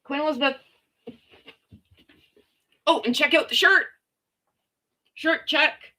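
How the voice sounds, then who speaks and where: A Canadian woman hosting a casual live chat from home, chatty and quick to laugh as she talks to her viewers and her dogs. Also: high voice, sharp tone. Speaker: livestream host.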